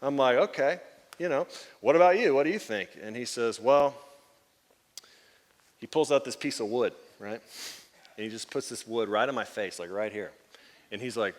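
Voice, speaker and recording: A pastor with a medium-pitched voice speaks fairly quickly but leaves long pauses as he preaches. His sermon is full of animated stories where he acts out quoted voices and laughs, echoing with long reverb in a church sanctuary.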